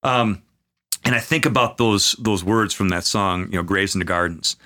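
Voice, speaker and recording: A man speaking as a pastor in a conversational podcast, earnest, with many fillers, slowing into a preaching cadence at times. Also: deep voice, pushed and bright. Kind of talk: conversational podcast talk on faith.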